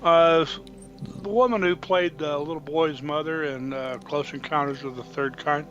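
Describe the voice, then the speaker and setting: A man in casual chat, mostly giving brief, relaxed replies and telling short stories of his own. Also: a little high, normal speed, dull audio, faint music behind.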